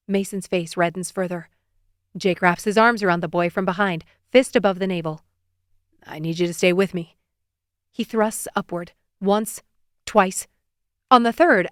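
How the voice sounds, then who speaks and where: Woman narrating an expressive audiobook. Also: mid-range voice, dry recording, clean studio sound. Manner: expressive, voices the characters' lines with feeling. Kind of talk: scripted first-person romance narration.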